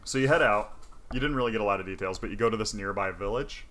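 A man's voice: lowish voice, quick pace, a bit bright. A man casually retelling a game's story in loose, profane talk full of fillers.

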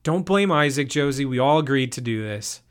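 A man's voice: sits high, a little fast, voice pushed up. A man doing a firm, commanding young camper. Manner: forceful.

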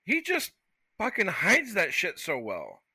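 A man from the United States co-hosting a podcast in casual chat, profane and expressive, with lots of "like.". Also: high-pitched, unhurried, breathy edge, dry recording. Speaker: podcast co-host.

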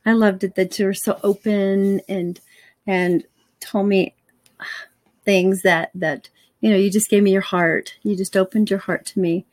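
A woman's voice: mid-range voice, steady tone, measured pace, darkish tone, dry recording. A woman co-hosting a casual couple chat, gushing and giggling affectionately. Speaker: co-host.

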